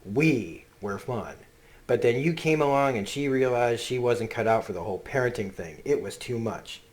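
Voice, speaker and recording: A man's voice: medium pitch, moderate pace, lightly acted. A man reading out a comic's bitter, cruel father who taunts and berates his son, in a contemptuous tone. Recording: roomy echo.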